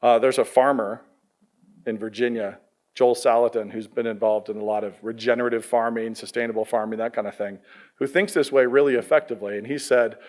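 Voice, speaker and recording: Middle-aged male pastor, casual and lively sermon delivery, quizzes his student audience. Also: medium pitch, brisk.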